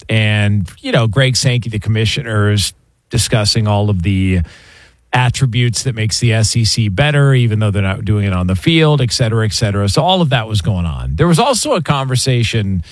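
A man hosting a sports radio show, leading the segment briskly. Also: mid-range voice, lively intonation, no room sound. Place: radio studio.

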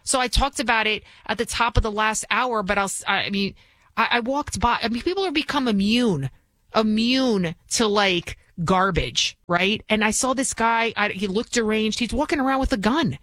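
A woman's voice: on the high side, normal speed, fairly bright tone, no echo. A woman filling in as a talk radio host, delivering a combative, scornful monologue full of restarts and asides.

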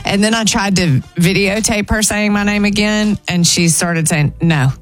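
A woman's voice: medium pitch, steady tone, normal speed, soft background music. A woman hosting a radio show, chatting emotionally and gushing about her family. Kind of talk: casual radio chat.

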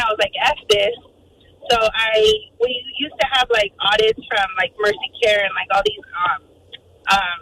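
A woman calling in to a show who talks fast and lively, with her pitch leaping up and down as she acts out the voices of people in her story. Her voice is bright and sharp. There is faint line noise behind her. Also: vocal fry, low-quality recording. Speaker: caller. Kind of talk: phone-in storytelling.

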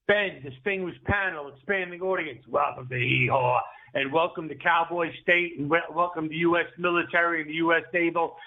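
A man calling into a sports radio show, telling a rambling, boisterous story. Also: fairly high pitch. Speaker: caller. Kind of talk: call-in radio chat. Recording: tinny phone line.

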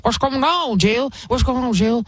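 A woman's voice: on the high side, a little slow, no room sound, voice pushed up. A woman mimicking a flustered, stammering old politician. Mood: confused. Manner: stammering, repeating himself, flustered. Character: bewildered elderly male politician, stammering and confused.

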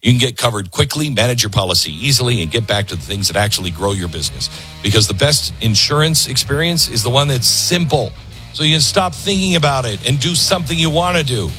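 A man's voice: medium pitch, expressive, fast talker, pushed and bright, soft background music. A man hosting a political talk radio show, ranting sarcastically. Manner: sarcastic, ranting, mocking voices.

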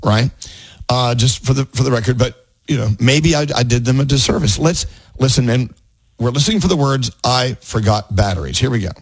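A man's voice: medium pitch, a little fast, husky, dry recording. A middle-aged man hosting a radio show, talking in casual banter with frequent laughs and restarts. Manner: animated, laughs often, talks with restarts.

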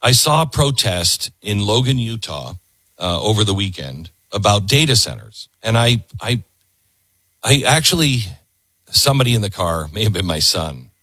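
A man's voice: fairly low pitch, very animated, moderate pace, pushed and bright, husky, no echo. A middle-aged man hosting a talk show, giving an emphatic political commentary monologue and repeating his points for force.

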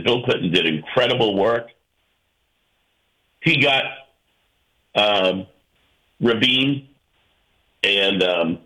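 Radio host guy on a call-in show, slow and punchy, keeps asking rhetorical questions. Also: on the low side, sharp tone, poor audio. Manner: emphatic, argumentative, rhetorical questions. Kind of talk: call-in radio opinion talk.

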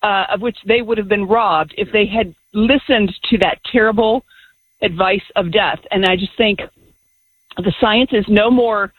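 Earnest, husky-voiced woman caller. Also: mid-range voice, unhurried, no room sound, poor audio. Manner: earnest, emphatic, faith-driven. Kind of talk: call-in radio talk.

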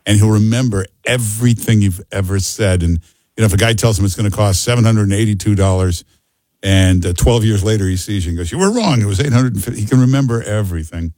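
A man's voice: on the low side, quick pace, warm tone, dry recording. A man hosting a call-in radio talk show, emphatic and joking, repeating himself for effect.

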